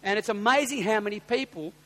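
An Australian pastor with a notably high voice, preaching through personal anecdotes. He drops to near-whispered asides and then bursts into loud, excited exclamations. The sound rings with the long reverb of a large church auditorium. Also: a little fast. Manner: animated storyteller, swings from hushed asides to loud exclamations.

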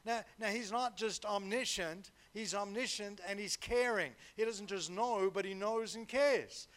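A man delivers a sermon, his voice pitched high. He talks to the congregation like a conversation, stumbling over repeated words and tagging 'right?' onto his points. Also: a little slow, fairly bright tone. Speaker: preacher.

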